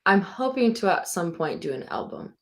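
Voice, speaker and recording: A woman's voice: mid-range voice, very animated, moderate pace. A young woman from Minnesota, a singer guesting on a podcast, chatting in a giggly, easygoing way. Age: young adult. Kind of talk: casual interview chat.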